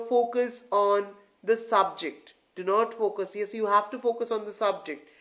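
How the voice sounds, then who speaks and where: Tutor voice for a reading lesson: mid-pitched, talks straight to the learners, repeats phrases, checks in with the viewers often. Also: fairly bright tone. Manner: repeats and restarts phrases while explaining; addresses learners as guys. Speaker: English tutor. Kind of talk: online grammar lesson.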